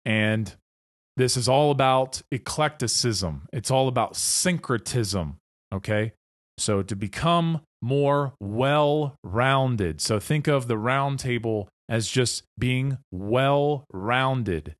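A man's voice: mid-range voice, takes it slowly, no room sound, studio quality. A man hosting a spoken presentation, explaining ideas earnestly and often checking in with listeners by asking "okay?". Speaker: host of an esoteric presentation series. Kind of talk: explanatory monologue lecture.

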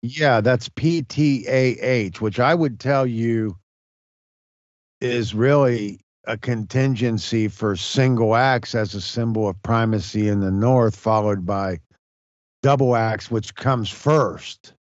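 A man speaks slowly and deliberately in a low voice, pausing on fillers as he lectures. The sound is dry and close, slightly dull and lo-fi. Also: no room sound. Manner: measured, halting, many fillers and restarts. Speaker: presenter on esoteric history. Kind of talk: slow lecture-style discussion.

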